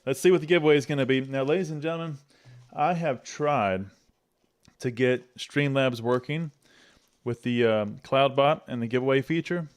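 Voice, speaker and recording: A man's voice: medium pitch, normal speed, smooth. A middle-aged man hosting a casual unboxing chat, upbeat and chatty, laughing often. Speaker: channel host.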